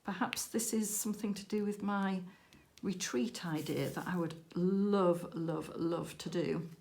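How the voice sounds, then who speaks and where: A woman, hosting a crafting channel, chatting casually and telling a story with lively quoted dialogue. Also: lowish voice, unhurried. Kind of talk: casual chat while crafting.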